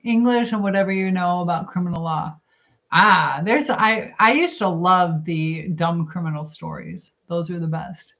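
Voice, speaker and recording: A woman's voice: lowish voice, normal speed, creaky, fairly bright tone. A middle-aged woman hosting a casual livestream, chatting with viewers and rambling as she eats and reads comments. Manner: chatty, rambling, thinks aloud while eating. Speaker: livestream host. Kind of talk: casual live chat reading comments. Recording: dull lo-fi stream audio.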